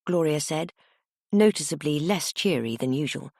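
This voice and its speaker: A woman reading an audiobook aloud in a low, husky voice. Her delivery is animated, with a wide and lively pitch, and the recording sounds dry and close. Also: normal speed, dry recording. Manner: expressive, animated storytelling. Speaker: audiobook narrator. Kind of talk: scripted audiobook narration.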